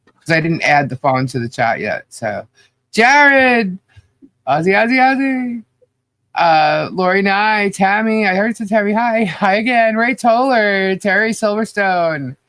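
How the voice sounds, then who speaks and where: In a dry recording, a man with a high, slightly bright voice talks at normal speed. The livestream co-host is cheerful and chatty, rattling off viewer names, though allergies and humidity make him a bit nasal and congested.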